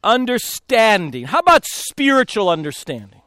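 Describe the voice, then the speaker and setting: A man speaking as a pastor in a storytelling talk, animated, laughing often and acting out the voices of people in his stories. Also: high-pitched, moderate pace, dry recording.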